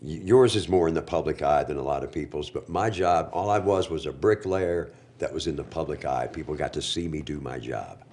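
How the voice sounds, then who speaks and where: A man's voice: a bass voice, a little fast, few pauses, darkish tone. A man telling his recovery story as a podcast guest, candid and emotional, full of slang like bro and dude.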